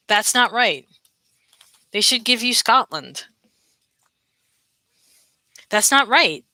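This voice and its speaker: Bright-voiced New York woman. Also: a little high, expressive, takes it slowly, pauses often, no echo. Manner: chatty, repeats herself, asks viewers questions. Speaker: livestream host. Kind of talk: casual live stream chat.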